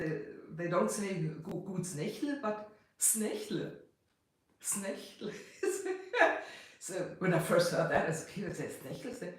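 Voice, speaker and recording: A German man from Hanover with a German accent, chatting casually on a livestream, halting and laughing often. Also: sits high. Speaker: livestream host. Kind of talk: casual chat. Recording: very echoey room.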